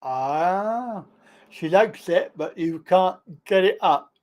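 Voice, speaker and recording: A man hosting a livestream, teasing his guest with cheeky, crude jokes. He talks slowly, drawing out his words. His pitch swings widely and playfully. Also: lively intonation, a little mellow. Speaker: livestream host. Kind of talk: casual banter.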